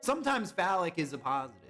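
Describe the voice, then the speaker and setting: Animated young man streaming live. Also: fairly high pitch. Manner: animated, chatty, reads and answers chat. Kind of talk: casual live-stream chat.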